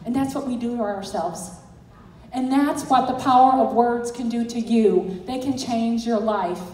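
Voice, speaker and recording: A woman's voice: fairly high pitch, unhurried, a little mellow, a little hiss or hum. A middle-aged woman giving an earnest, encouraging motivational talk as a direct sales team director. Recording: echoey hall from far off.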